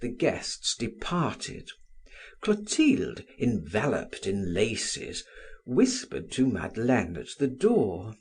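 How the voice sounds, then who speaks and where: Slow, breathy audiobook narrator, man. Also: mid-range voice. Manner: slow, very expressive reading, voicing the dialogue. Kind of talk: scripted narration of a classic novel.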